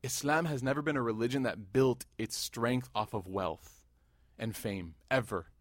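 A man in his thirties giving a sermon, mixing laughing stories with hushed, earnest reflection. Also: medium pitch, moderate pace, dry recording, clean studio sound. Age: 30s. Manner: animated, jokes and rises loud in anecdotes, hushed and earnest in devotion. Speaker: Muslim preacher. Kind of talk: sermon with storytelling.

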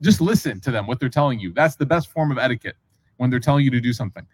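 A man's voice: medium pitch, animated, racing, slightly rough. A man preaching in a casual storytelling way, acting out dialogue and asking his listeners questions. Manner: casual, acts out dialogue, asks the audience questions. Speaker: Islamic preacher. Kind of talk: conversational storytelling sermon.

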